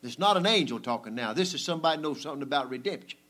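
A male preacher, delivering a folksy, conversational sermon that swings between loud emphasis and hushed asides. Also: on the high side, animated, rapid-fire.

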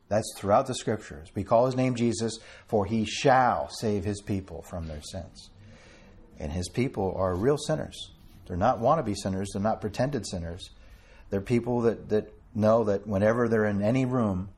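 Speaking in a lowish, husky and somewhat mellow voice, a man gives an informal sermon to a small gathering. His tone is conversational; he calls people by name and reads scripture in archaic language.

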